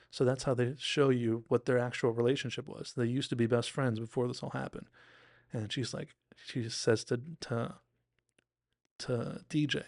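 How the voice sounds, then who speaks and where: A man with a gravelly, creaky voice hosts a casual podcast recap of a TV episode. He talks in an enthusiastic, rambling and self-deprecating way at a middling pitch, recorded dry and close with no room sound. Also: fairly even intonation, normal speed, a little mellow, no room sound. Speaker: podcast host.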